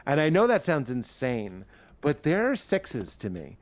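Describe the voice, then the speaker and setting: A man's voice: medium pitch, wildly swooping pitch, measured pace. A man, a stand-up comedian, talking as a guest on a podcast, riffing animatedly and acting out his own bits in character voices. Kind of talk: podcast interview chat.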